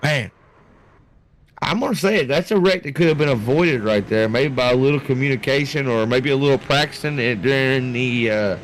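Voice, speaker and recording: An excitable man calls a sim race live, rambling through replays and turning to his producer with questions. His voice sits at a middle pitch. A faint hiss runs under the recording. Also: normal speed. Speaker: sim racing commentator. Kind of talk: live play-by-play commentary.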